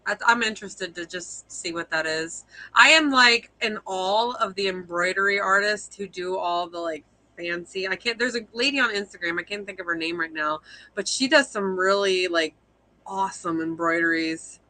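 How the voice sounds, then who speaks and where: A woman's voice: mid-range voice, normal speed, pushed and bright, dry recording, rough recording. A young woman, a fiber artist guest, chatting casually on a live video call, rambling and self-deprecating with frequent laughs.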